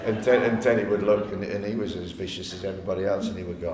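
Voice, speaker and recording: On stage at an arts venue hall, a male guest speaker tells chatty anecdotes to a live audience, talking fast with hardly any pauses. He laughs often and acts out the people he quotes. The hall is echoey, with a faint rumble.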